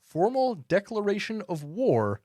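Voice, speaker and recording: A man's voice: sits high, very animated, measured pace, darkish tone, no echo, studio quality. A man co-hosting a podcast in casual chat, wry and swearing, who explains things at length. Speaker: podcast co-host.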